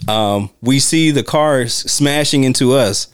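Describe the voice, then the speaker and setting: Taking it slowly, this man co-hosts a podcast and discusses a film casually, often laughing and performing lines from scenes. His smooth, medium-pitched voice is recorded cleanly in a studio with no echo.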